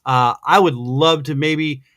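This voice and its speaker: A man hosting a podcast, chatting in an excited, rambling way, gushing like a fan over his guest. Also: a little high, takes it slowly, no echo, studio quality. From American Midwest. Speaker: podcast host. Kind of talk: excited casual interview chat.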